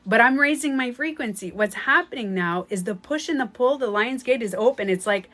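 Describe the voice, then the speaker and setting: A woman's voice: fairly high pitch, animated, brisk, fairly bright tone. A woman speaking as a spiritual coach in a casual motivational talk. She is emphatic and blunt, swears casually and often repeats herself.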